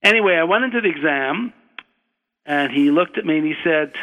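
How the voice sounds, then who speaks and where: On a radio show, an older guest with an American accent recounts a wandering anecdote from his own life, unhurried and animated, often stopping to revise what he just said. He speaks in a somewhat high register. A narrow, phone-quality line carries his voice, drenched in lengthy hall reverb.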